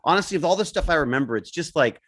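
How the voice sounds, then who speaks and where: An animated man, his pitch swinging widely as he reminisces. He rambles with frequent restarts and a self-deprecating humor, in relaxed reunion chat. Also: very fast, breathy edge. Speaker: cast member guest.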